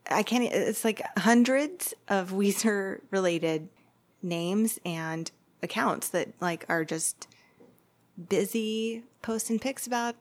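A woman's voice: medium pitch, slow. A woman co-hosting a podcast in casual chat, upbeat but hesitant, with many fillers. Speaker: podcast co-host.

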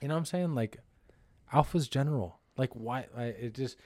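A man's voice: medium pitch, normal speed, darkish tone, no room sound. A man co-hosting a podcast, bragging and joking in a brash, profane, swaggering way. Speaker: podcast co-host. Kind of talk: casual podcast banter. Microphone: headphones on a podcast mic.

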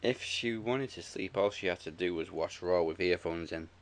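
A laid-back man talking wrestling in a casual chat, with dry remarks and easy chuckles. His voice sits very low and deep. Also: normal speed. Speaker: podcast co-host.

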